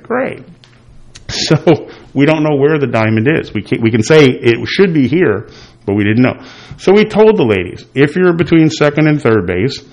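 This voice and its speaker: Man telling a lively anecdote. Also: medium pitch, low-quality recording. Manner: animated storytelling with quoted voices, trailing off softly. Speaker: storyteller recalling a work event. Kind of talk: casual anecdote.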